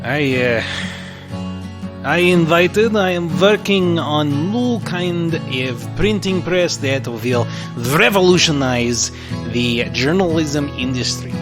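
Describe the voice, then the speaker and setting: A man's voice: a little high, expressive, takes it slowly, over music, voice pushed up. A man voicing an older male Russian inventor in a tabletop game, with a put-on Russian accent and broken English. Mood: boastful. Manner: loud and emphatic, broken English.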